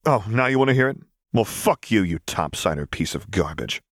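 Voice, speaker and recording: A man's voice: lowish voice, big pitch swings, moderate pace, no room sound, studio quality, voice pushed up. A man voicing a tough, crude young woman who talks in a sneering, combative way. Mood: hostile.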